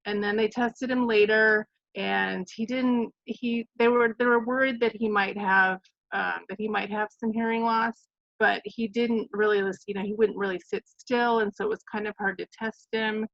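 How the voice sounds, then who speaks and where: Woman with gravelly, hesitant speech. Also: mid-range voice, a bit bright, no echo. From Arizona, USA. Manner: hesitant, many fillers. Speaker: parent guide. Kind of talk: online meeting introduction. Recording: dull dry lo-fi audio.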